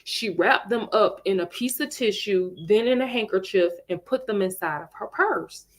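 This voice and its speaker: A woman's voice: medium pitch, moderate pace, lightly acted. A woman voicing a frightened young girl who pleads insistently that she is telling the truth. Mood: pleading.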